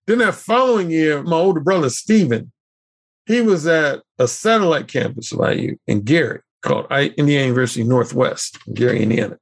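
A middle-aged man appears as a podcast guest, his voice creaky and on the high side. He tells stories vividly in conversation, acting out the quoted dialogue.

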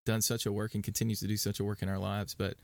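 A man with a low, gravelly voice talks casually in a podcast interview. He wanders through his answers with frequent fillers and restarts. The sound is dry and close. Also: little pitch movement, fast talker, no room sound. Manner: rambling with many fillers and restarts. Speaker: worship leader and podcast guest.

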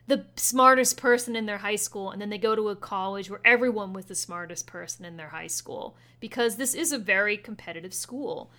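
Bright-voiced chatty woman co-host. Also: mid-range voice. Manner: chatty, laughs easily. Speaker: podcast co-host. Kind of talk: casual recap chat.

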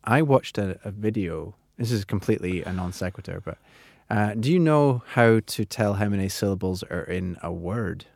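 A man's voice: on the low side, animated, moderate pace, creaky, a little mellow, dry recording, clean studio sound. A man hosting a chatty podcast, hesitant and laughing often. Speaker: podcast host. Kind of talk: casual chat.

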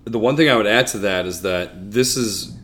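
A man with a fairly low voice co-hosts a beer podcast. He talks casually and rambles as he jokes. He laughs often and lets his sentences trail off. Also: moderate pace, a bit bright, slight background noise. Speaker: podcast co-host. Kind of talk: casual chat over beers.

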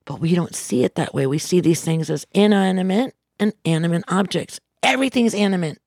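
A woman's voice: fairly low pitch, animated, a little fast, a little mellow, no echo, clean studio sound. A woman from Missouri giving an impassioned motivational speech, emphatic and repetitive, speaking from the heart. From Missouri, USA.

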